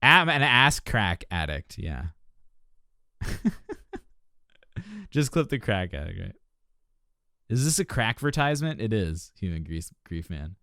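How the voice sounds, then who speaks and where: A male vocal coach talks through a live-stream reaction with passion and plenty of jokes. His pitch swings widely as he teaches, and his voice sits close and dry with no room sound. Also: measured pace, long pauses, no echo. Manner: passionate, joking, animated teaching.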